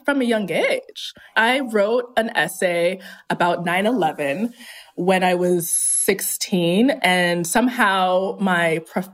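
A woman from Phoenix, Arizona, speaking as a guest in a casual interview. She is candid, self-deprecating, and often breaks into laughter. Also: on the low side.

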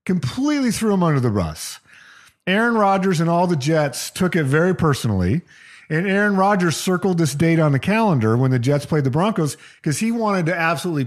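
A man with a slightly high, very lively voice leads a casual chat, telling football stories with energy. He jumps into quoted lines as he narrates, and his pitch swings widely. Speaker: podcast co-host.

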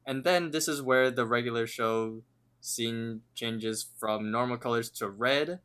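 A man's voice: mid-range voice, measured pace, pushed and bright, smooth. A man co-hosting a podcast, casually retelling a cartoon episode scene by scene. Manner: retells scenes at length, reading lines out. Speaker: podcast co-host.

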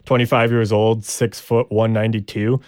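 A man's voice: fairly low pitch, little pitch movement, moderate pace, a little mellow, no echo, clean studio sound. A man co-hosting a casual sports podcast, rambling and hesitant with many restarts. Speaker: podcast co-host.

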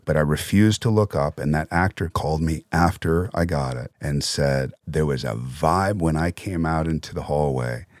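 Low-voiced man telling candid stories. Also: moderate pace, hardly any pauses, dry recording, studio quality. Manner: animated anecdotes with frequent swearing. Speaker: podcast guest. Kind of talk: casual storytelling conversation.

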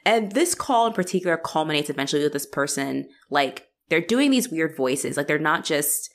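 Low-voiced woman chatting animatedly. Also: normal speed. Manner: animated, profane, acts out quoted characters. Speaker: podcast co-host. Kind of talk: casual chat.

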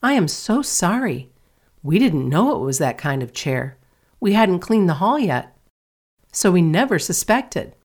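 A woman's voice: lowish voice, big pitch swings, measured pace, a little mellow, full character voice. A woman reading aloud, voicing a polite, hospitable young girl in a storybook. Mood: apologetic. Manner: earnest and hospitable. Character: warm well-mannered young girl.

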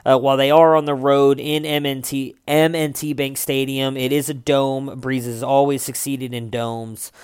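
A man's voice: medium pitch, flat delivery, moderate pace, hardly any pauses, darkish tone, clear, resonant tone, no echo, clean studio sound. A young man running through his weekly fantasy football rankings in a casual, conversational way, with frequent filler sounds.

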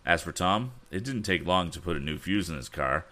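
Man, audiobook reader, adventure novel, very deep voice, lively intonation, self-correcting. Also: fairly quick. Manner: expressive, corrects his own misreadings. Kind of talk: reading a boys' adventure novel aloud.

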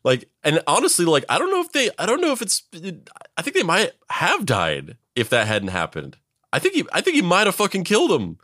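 A man co-hosting a podcast, chatting casually, laughing often and jumping up in pitch to act out quotes. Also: wildly swooping pitch, normal speed, sharp tone, no room sound, studio quality. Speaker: podcast co-host.

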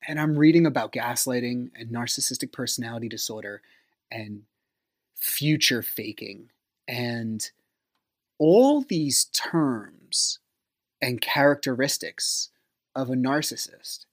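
Guy hosting a podcast, telling his own story, tons of "like", swings up and down a lot, gets quiet at times. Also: mid-range voice, expressive, moderate pace. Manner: rambling, frequent filler "like". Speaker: podcast host. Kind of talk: personal storytelling.

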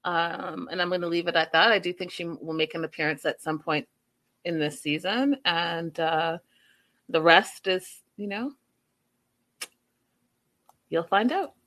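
A woman's voice: lowish voice, measured pace, long pauses. A woman casually recapping a reality show episode, reading viewer comments and acting out the people's lines with sassy asides. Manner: animated, acts out quotes with sassy asides.

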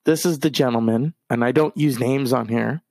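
A man's voice: medium pitch, moderate pace, gravelly, darkish tone, dry recording. A man hosting a podcast, rambling casually through anecdotes in a loose storytelling way. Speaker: podcast host. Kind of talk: casual monologue.

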